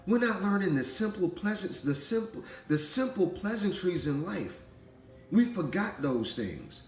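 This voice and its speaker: A man, in his thirties, giving an animated spiritual monologue about parenting and laughing as he acts out voices. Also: high-pitched, unhurried, reverberant, soft background music, poor audio. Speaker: spiritual vlogger, father.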